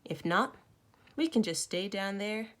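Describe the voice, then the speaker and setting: A woman's voice: medium pitch, lively intonation, a little slow, fairly bright tone. Woman reading a harsh, bossy boy. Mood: commanding. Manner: firm and commanding. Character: bossy boy, leader of the friends.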